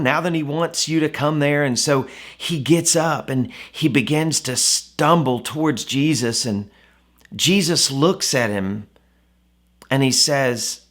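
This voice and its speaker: A man's voice: medium pitch, slow, fairly bright tone. A man giving a devotional Bible teaching in a conversational way, often asking the listener rhetorical questions. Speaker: devotional speaker.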